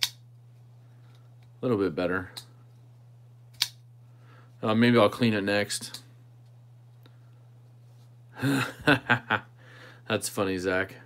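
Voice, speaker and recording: A man's voice: on the low side, drawn-out words, pauses often, fairly bright tone. A man hosting a knife channel livestream, chatting casually with viewers and thinking aloud while he tinkers with a knife.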